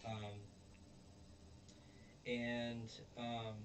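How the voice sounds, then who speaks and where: A man's voice: mid-range voice, monotone, very slow, noisy background. Rambling man recapping an episode, far from mic. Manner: rambling, filler-heavy, acts out quotes. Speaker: show reviewer. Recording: voice distant from the mic.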